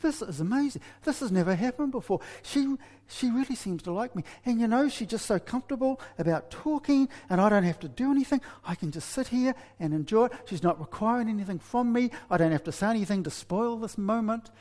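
Preacher doing a shy young guy, raised excited voice, lots of hall echo. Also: high-pitched, fairly quick, hardly any pauses, voice pushed up. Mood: amazed. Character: shy young man, later a weary husband.

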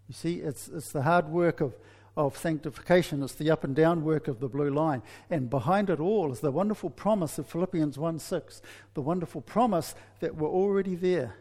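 A man preaching a sermon, telling a story with many restarts and lively asides. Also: on the high side, normal speed, long reverb tail.

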